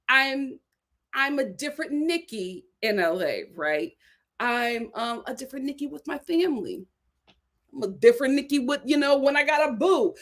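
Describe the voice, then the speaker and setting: A young woman with a light Philadelphia accent hosting a casual live-stream chat, talking in an animated way with frequent "right?" asides. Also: high voice. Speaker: host reviewing a reality show.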